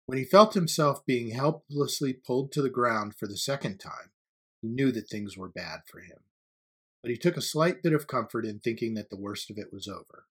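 A man narrating a story as an audiobook reader, with a steady, even-paced storytelling delivery. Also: medium pitch, moderate pace, husky.

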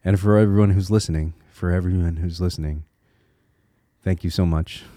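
This podcast host from Connecticut, USA has a low-pitched, warm and mellow voice, a steady tone and a moderate pace. Earnest and reflective, he encourages his listeners on his solo show, thinking aloud with occasional small restarts. The sound is dry, without room echo.

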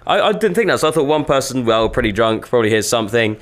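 A man's voice: mid-range voice, animated, fast. A British man who is a podcast guest, telling a story in casual chat and stumbling over restarts. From United Kingdom.

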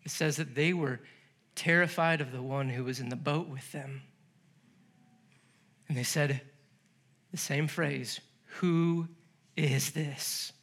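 A male pastor preaching a sermon, animated and laughing as he acts out the story's voices. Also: medium pitch, unhurried, long pauses. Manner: laughs between lines.

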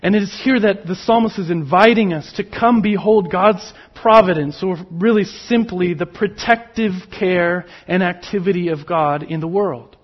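Guy preaching a sermon, high-ish voice, slow and emphatic, kinda dull lo-fi sound. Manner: slow, emphatic preaching with dramatic drops to near whisper. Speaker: pastor.

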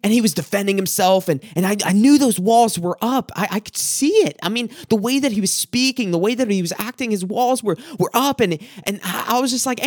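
A man preaches in a high voice, stirred and heartfelt as he tells his stories. He repeats his words again and again for weight. The recording is dry and close, with no room sound. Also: brisk, dry recording. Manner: emotional, heartfelt storytelling; repeats words and phrases for emphasis. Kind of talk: sermon with personal stories.

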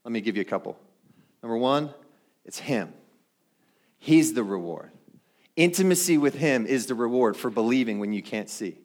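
A man's voice: medium pitch, lively intonation, normal speed, long pauses, a little mellow. A middle-aged male pastor preaching a sermon in a conversational way, often putting questions to the congregation.

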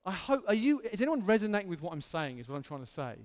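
A man's voice: sits high, big pitch swings, quick pace. A man preaching an earnest, candid sermon in a church hall, building to emphatic intensity.

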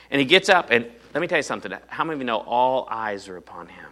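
A man preaching a sermon in a conversational, animated way, full of rhetorical questions to his congregation. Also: medium pitch, quick pace. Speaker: pastor.

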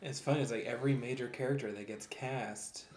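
A man chatting casually on a podcast, measured and explanatory. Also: medium pitch, fairly even intonation, a little mellow, roomy sound, slight background noise. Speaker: podcast co-host. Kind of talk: casual chat.

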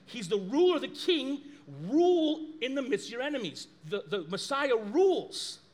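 A man preaching a sermon as pastor, lively and animated, acting out quoted dialogue. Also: very high-pitched.

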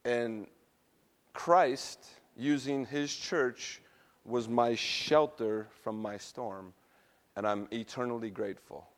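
A middle-aged male pastor delivers a sermon in an easy, conversational voice of medium pitch. He tells personal stories, trips over his words now and then, and laughs at himself. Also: slow.

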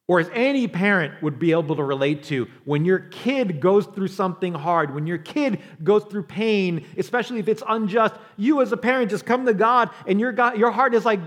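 High-voiced preacher, animated storytelling. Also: male voice. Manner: drops to a quiet, slow voice for emphasis. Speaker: pastor. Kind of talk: sermon.

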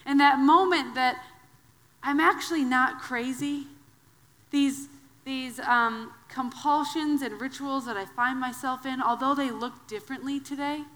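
A woman from Wisconsin, in her thirties, preaching a sermon as a guest preacher, telling personal stories in a conversational, animated way. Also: a little high. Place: church sanctuary. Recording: long hall reverb.

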